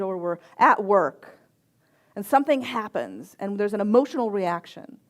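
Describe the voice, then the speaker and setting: Gentle and reflective, a middle-aged reverend and chaplain shares personal stories in her sermon, pausing softly as she goes. She speaks in a mid-range voice.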